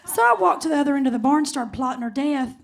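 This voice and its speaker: A woman from Kentucky doing stand-up, her Southern drawl raspy yet set high. She tells stories with sass. The live stage recording carries loud noise and audience laughter. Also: quick pace. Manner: sassy, drawling Southern storytelling. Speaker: stand-up comedian. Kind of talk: stand-up comedy. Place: comedy club stage.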